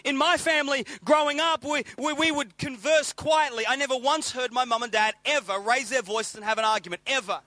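High, bright-voiced preacher man. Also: a little fast, few pauses, no echo. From England, raised in Australia. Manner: animated storytelling, repeats phrases for emphasis. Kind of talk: sermon.

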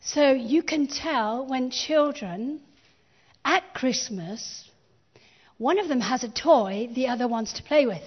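A woman's voice: high voice, slow pace, breathy edge, dull audio. A woman pastor preaching a sermon, building emphasis with repeated phrases and calling on the congregation to respond.

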